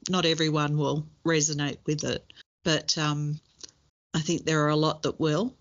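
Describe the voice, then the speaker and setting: A woman with a lowish voice co-hosts a casual podcast chat, thoughtful and quick to laugh, with hesitant fillers. Her recording sounds dull and lo-fi. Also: level tone. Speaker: podcast co-host.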